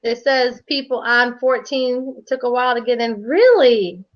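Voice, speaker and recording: High-voiced woman telling a lively story. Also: normal speed. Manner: animated storytelling, laughs often, casual slang. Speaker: live stream co-host doing readings. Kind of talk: casual live stream chat. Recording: dull lo-fi stream audio.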